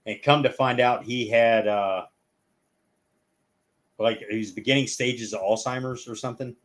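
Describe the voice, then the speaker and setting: A man's voice: medium pitch, steady tone, moderate pace. A man telling long stories as a guest in a casual chat, rambling and acting out the people in them.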